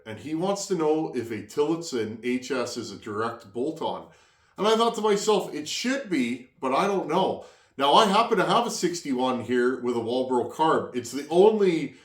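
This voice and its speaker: Chatty man rambling in his workshop. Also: medium pitch. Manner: chatty and rambling, talks while working with tools. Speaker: chainsaw channel host. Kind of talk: casual workshop vlog.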